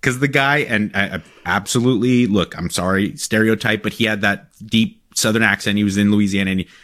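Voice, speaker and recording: A man co-hosting a podcast, chatting casually in an excitable, joking way with frequent restarts. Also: fairly low pitch, fairly quick. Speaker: podcast co-host. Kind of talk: casual chat.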